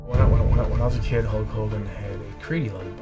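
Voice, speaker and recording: A man in his forties, telling stories in a documentary interview with an excitable, emphatic manner, acting out his own shouting. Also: lowish voice, very fast. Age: 40s. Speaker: interviewee, lifelong wrestling fan. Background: background score music.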